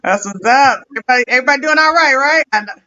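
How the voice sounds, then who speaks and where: A woman hosting a live stream, her voice bright and sharp and set a little high. She talks in a lively, casual way and greets viewers one by one. The sound is dull and lo-fi. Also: racing. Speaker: host.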